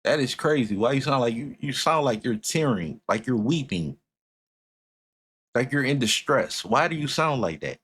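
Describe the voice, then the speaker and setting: A man's voice: medium pitch, animated, normal speed, fairly bright tone, husky. A man giving casual reaction commentary on a music album. His voice swings up and down a lot as he talks, and he is blunt and openly annoyed when he dislikes something. He swears casually and talks straight to his viewers.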